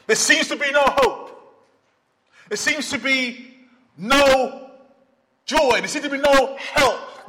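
A man's voice: very high voice, sharp tone. A man preaching a sermon as pastor, with an emphatic, repetitive preaching cadence, recorded in a church hall. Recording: long reverb of a large hall.

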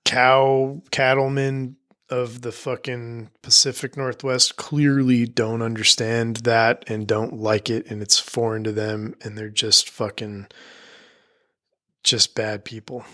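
A man's voice: mid-range voice, little pitch movement, slow, bright, forceful tone. A middle-aged man giving a rambling, heartfelt intro monologue as a podcast host, swearing freely and full of fillers and restarts. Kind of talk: emotional spoken intro monologue.

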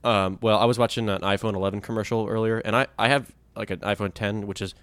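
A man's voice: fairly even intonation, fast talker, fairly bright tone. A young man co-hosting a casual podcast, joking around with friends. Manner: joking, puts on a rumbly deep voice for laughs. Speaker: podcast co-host. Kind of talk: casual banter.

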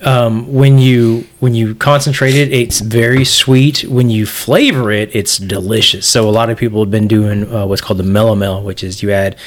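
A man's voice: lowish voice, fairly even intonation, moderate pace, few pauses. A man co-hosting a casual podcast chat, explaining things with lots of ums and uhs. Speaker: podcast co-host.

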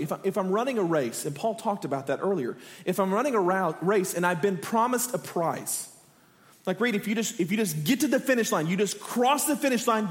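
A male pastor preaching a sermon, earnest and rising to impassioned pleading. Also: sits high. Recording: long hall reverb.

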